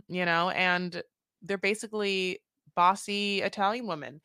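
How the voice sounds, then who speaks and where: A woman's voice: medium pitch, a little fast, fairly bright tone, dry recording, studio quality. A woman co-hosting a reality TV recap podcast in casual chat, acting out quotes in funny voices. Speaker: podcast co-host.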